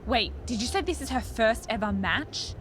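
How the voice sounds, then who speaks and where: A brash young Australian wrestler, voiced by a woman talks with a lively, bouncy pitch that sits a little high. She is blunt and mocking, trading jabs like a cutscene bully, over a faint hiss. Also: normal speed, close to an everyday voice. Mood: chatty. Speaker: pro wrestler. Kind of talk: video game cutscene acting.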